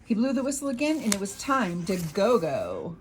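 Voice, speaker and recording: A woman reads a children's chapter book aloud with lively, expressive narration. Her voice sits in a middle range and her pace shifts with the story. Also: medium pitch, moderate pace, slight background noise, poor audio.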